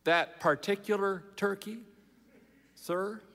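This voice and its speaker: A man's voice: sits high, lively intonation, a little slow, a bit bright. A man reading a story aloud and voicing a hotel manager who answers in stiff, formal questions. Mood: wary. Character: polite, wary male hotel manager. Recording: long hall reverb.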